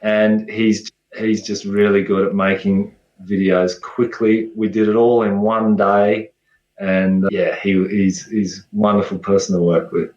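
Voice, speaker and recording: Low-voiced man on a dull, roomy call. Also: level tone, unhurried, darkish tone. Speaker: guest researcher. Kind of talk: casual interview chat.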